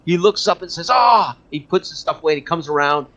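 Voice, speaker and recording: Halting game master man, lo-fi sound. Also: on the high side, expressive, sharp tone. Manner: halting, many fillers and restarts. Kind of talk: narrating a tabletop game. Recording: dull lo-fi audio.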